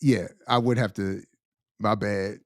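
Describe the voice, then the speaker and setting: Slangy, animated man host. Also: on the low side, unhurried, no echo, clean studio sound. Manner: animated, slangy, laughs often. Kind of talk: casual livestream chat.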